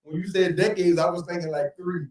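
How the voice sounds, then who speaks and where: A man in his forties, a rapper and guest on a casual podcast. He talks in a quick, relaxed, agreeable way. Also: high-pitched. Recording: echoey room, far from the mic.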